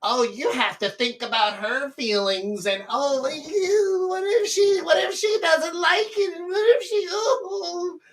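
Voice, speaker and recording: A man's voice: very high voice, slow pace, few pauses, fairly bright tone, distant mic, pitched above the performer's own voice, full character voice. A man putting on the voice of a whiny, sobbing, oversensitive young man who wails his worries. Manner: sobbing and wailing.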